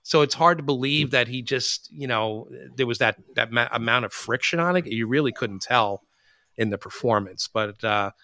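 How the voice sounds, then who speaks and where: A man hosting a podcast, talking through movies in a loose, animated, rambling way. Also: medium pitch, moderate pace, no echo. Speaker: podcast host. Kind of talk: casual film discussion.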